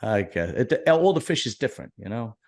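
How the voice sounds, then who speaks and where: A man's voice: on the low side, sing-song, brisk, a little mellow. A man hosting a casual bodybuilding podcast, joking and swearing, rambling with restarts. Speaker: podcast host.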